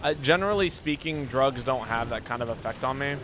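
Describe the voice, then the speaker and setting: A man streaming a game, chatting casually and joking with his viewers, now and then yelping with excitement. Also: mid-range voice, fairly quick. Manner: relaxed, joking, with sudden excited yelps. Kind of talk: casual gameplay chat. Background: game music.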